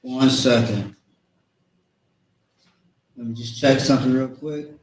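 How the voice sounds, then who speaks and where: A man's voice: medium pitch, fairly even intonation. Man teaching far off in an echoey room. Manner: casual, slangy, slow careful spelling of words. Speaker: teacher of a language class. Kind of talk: informal lesson with a live chat. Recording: echoey room, far from mic, faint noise.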